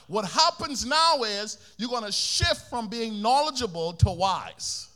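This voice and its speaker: A man's voice: high-pitched, a little slow, hardly any pauses. A man from the Bahamas with a Bahamian accent, preaching a sermon energetically and calling on the congregation to repeat after him. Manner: energetic, calls for congregation responses.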